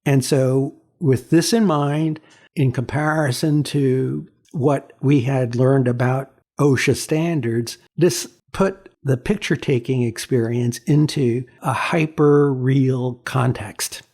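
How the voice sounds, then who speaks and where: A man in his sixties, a photographer being interviewed, telling stories in a halting way with many repeats and fillers. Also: medium pitch, a little mellow. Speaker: photographer, guest. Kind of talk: reflective storytelling in an interview.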